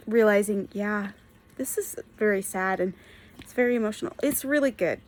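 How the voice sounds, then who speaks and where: Emotional woman giving a book vlog update. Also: mid-range voice. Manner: emotional, earnest, rambling with restarts. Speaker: book vlogger. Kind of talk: casual reading vlog update.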